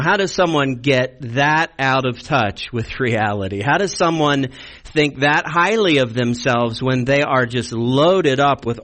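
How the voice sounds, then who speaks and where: A man's voice: mid-range voice, fairly bright tone. A man preaching a sermon as a pastor, conversational and wry, leaning on rhetorical questions and dry humor.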